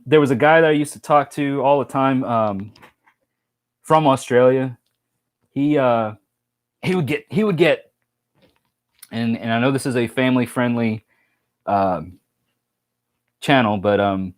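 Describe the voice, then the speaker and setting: Chatty man rambling on a live stream. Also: medium pitch. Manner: rambling, chatty storytelling with many fillers and restarts. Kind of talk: casual live-stream chat.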